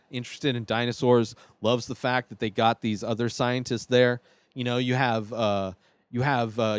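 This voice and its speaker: Guy in his 30s gushing about movies, rambly, lots of uhs, smooth clean voice. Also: medium pitch, no echo. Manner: rambling and enthusiastic, with many fillers and restarts. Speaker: show host. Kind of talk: casual film ranking monologue.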